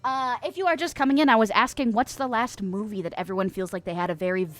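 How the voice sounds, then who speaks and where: A woman streaming live, chatting casually and reading viewer comments with a soft voice and a lot of giggling. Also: on the high side, fast, no echo. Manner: giggly, playful, frequent laughter; soft-spoken.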